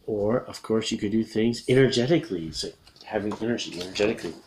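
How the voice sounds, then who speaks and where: A man from America, reading a children's book aloud as an English lesson, slowly repeating key words and chuckling often. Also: lowish voice, darkish tone, slight background noise, poor audio.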